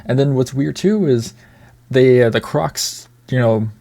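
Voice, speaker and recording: A man's voice: mid-range voice, measured pace, vocal fry, warm tone. Rambling man in casual commentary. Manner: rambling with restarts and swearing; bemused, laughing at the film. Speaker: video reviewer.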